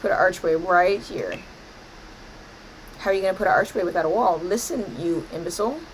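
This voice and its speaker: A gaming streamer talks casually over her gameplay in a lowish, fairly even voice at a brisk pace, playfully scolding the game with mock-dramatic outbursts. The recording is low quality with slight background noise.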